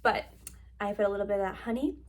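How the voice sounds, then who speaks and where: A young woman talking to camera in a casual vlog, soft, relaxed and heartfelt. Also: medium pitch, quick pace. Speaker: lifestyle vlogger.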